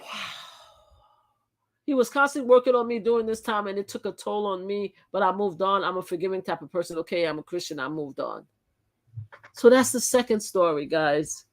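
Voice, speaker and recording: A woman's voice: mid-range voice, normal speed. A woman hosting a live channel, reading articles aloud and commenting in a chatty way, often repeating and restarting her phrases. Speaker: channel host.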